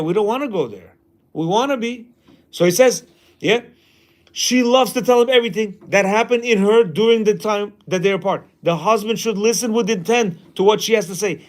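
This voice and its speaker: A man teaching a class in a casual way, reading a passage aloud and then commenting, often acting out quoted lines. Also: very high-pitched.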